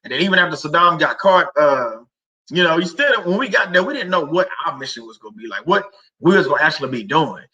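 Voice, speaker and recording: A man's voice: fairly high pitch, lively intonation, fast talker, sharp tone, highs cut off. A middle-aged man hosting a casual faith talk stream, rambling and conversational with many fillers and restarts. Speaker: livestream host.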